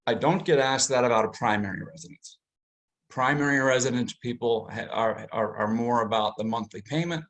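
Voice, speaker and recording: A man's voice: mid-range voice, moderate pace, fairly bright tone. A man, a mortgage lender, explaining financing to realtors in a webinar presentation, with frequent fillers and restarts.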